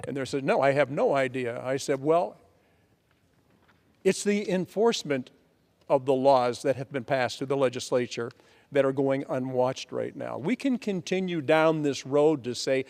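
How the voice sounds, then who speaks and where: A congressman delivers an emphatic floor speech, his voice sitting high for a man. He drives points home with repeated lists. The long reverb of a large legislative chamber trails every phrase. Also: normal speed. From Pennsylvania.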